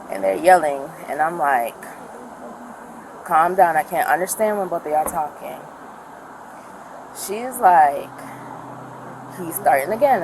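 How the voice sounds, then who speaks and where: A woman, a friend of the victim, gives an animated retelling to police outdoors and acts out what people said. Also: deep voice. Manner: animated retelling, acting out quotes. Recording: body cam audio with street noise.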